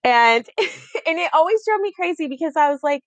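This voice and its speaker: A woman in her thirties co-hosts a podcast, speaking in a high, animated voice at a brisk pace with no room sound. Her casual chat rambles, full of fillers and restarts.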